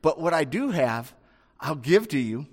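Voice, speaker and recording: Steady apostle giving an order , voiced by a preacher, slow and deliberate, highish voice, reverby. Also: male voice, heavily acted. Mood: commanding. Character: calm male apostle giving a firm command. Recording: long hall reverb.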